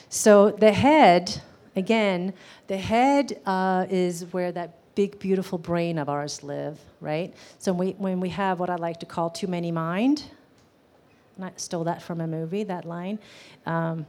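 A woman's voice: lowish voice, fairly even intonation, unhurried, a little mellow. A woman teaching a live class on gestalt therapy, talking casually with many "um"s and questions to the audience.

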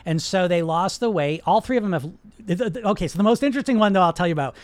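A man's voice: high-pitched, expressive, fast, no room sound. A man coaching on weight loss in a blunt, emphatic, profane way, repeating words for stress as he talks to a live chat.

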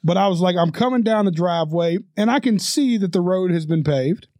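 A man's voice: sits high, expressive, brisk, darkish tone, no room sound, studio quality. A man co-hosting a podcast, rambling through a crude story with frequent laughs and swearing. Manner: profane, rambling, laughs often. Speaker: podcast co-host. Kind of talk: casual storytelling.

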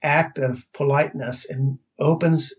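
A man from the United States, talking as a guest in a relaxed, storytelling way with a few restarts. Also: a little high, measured pace. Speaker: interview guest. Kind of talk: casual conversation. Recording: slightly dull lo-fi sound.

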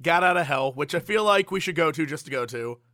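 A man co-hosting a casual chat, joking in an animated way, with a sore throat. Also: a little high, a little fast, no room sound, studio quality. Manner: animated, jokey, goofy asides. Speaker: podcast co-host.

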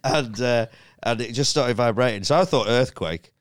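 A man's voice: mid-range voice, normal speed, clean tone, no room sound, studio quality. A man, a comedian guest, telling a story in casual chat, laughing and swearing often.

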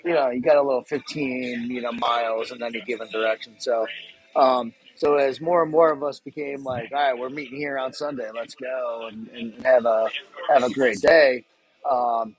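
A man's voice: mid-range voice, steady tone, moderate pace, husky, rough recording. Laid-back chatty man guest. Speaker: fan club chapter president, guest. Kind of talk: casual chat.

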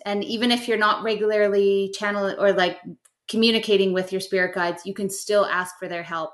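A middle-aged woman, a podcast guest, explains a simple spiritual practice step by step in a gentle, instructive way. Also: mid-range voice, fairly even intonation, moderate pace. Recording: roomy echo.

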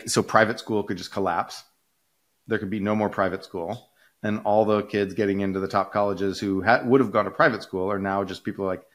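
Rambling talkative man, lowish voice. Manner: rambling, restarts, many fillers, animated pitch jumps. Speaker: podcast co-host, economist. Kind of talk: casual conversational explainer.

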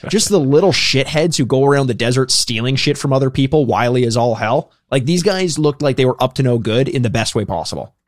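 A man's voice: medium pitch, expressive, brisk, few pauses, no echo, studio quality. A Canadian man co-hosting a podcast, chatting casually with jokes, swearing and frequent laughter. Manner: joking, profane, laughs often. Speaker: podcast co-host.

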